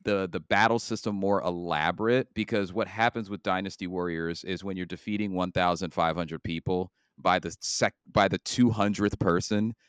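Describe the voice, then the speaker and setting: A man's voice: low-pitched, steady tone, normal speed, few pauses, clean tone, dry recording. A man co-hosting a casual gaming podcast, talking at length with many fillers and restarts. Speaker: podcast co-host.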